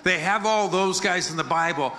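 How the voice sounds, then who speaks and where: Bright-voiced American preacher, joking with the crowd. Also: male voice, sits high, moderate pace. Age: older. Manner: joking, playful, leads the crowd in chants. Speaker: guest preacher. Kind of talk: energetic sermon with crowd call-and-response. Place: church hall with a congregation.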